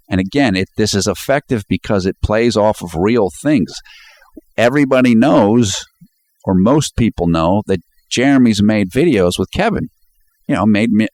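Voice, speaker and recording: A man's voice: fairly low pitch, darkish tone, no room sound. A man talking casually as he breaks down a video scene by scene, often chuckling while quoting lines. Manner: chatty, quotes lines with laughs. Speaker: commentator.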